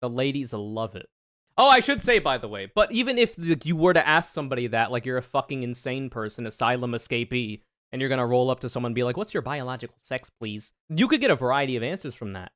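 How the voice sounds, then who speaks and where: A man streaming casual reaction commentary, sarcastic and profane, ranting with animated energy. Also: medium pitch, fast talker, no echo, clean studio sound. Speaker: streamer reacting to debate clips.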